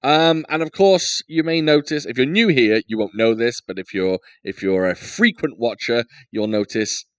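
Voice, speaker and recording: A man's voice: medium pitch, normal speed, hardly any pauses, dry recording. A man hosting a podcast in casual chat, joking and rambling with lots of fillers. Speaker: podcast host.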